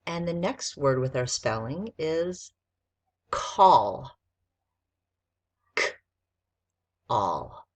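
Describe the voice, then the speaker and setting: A female teacher records a spelling lesson for young students, dictating slowly and sounding out each letter one at a time. Her voice sits low and is expressive.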